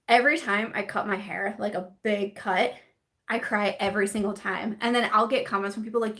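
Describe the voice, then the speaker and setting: A woman's voice: medium pitch, fairly even intonation, a little fast, a bit bright. A woman in her late twenties or thirties, a beauty vlogger hosting a casual live-stream chat, rambling with many fillers and restarts as she answers viewer comments.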